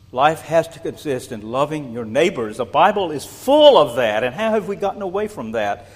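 An older man preaching a sermon as a pastor, animated, repeating words and asking rhetorical questions. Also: a little high, breathy edge. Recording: long reverb in a large hall.

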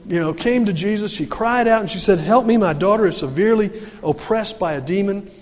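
A man's voice: high voice, darkish tone, long reverb tail. A male pastor preaching a sermon in a folksy way, firing rhetorical questions and answering them himself.

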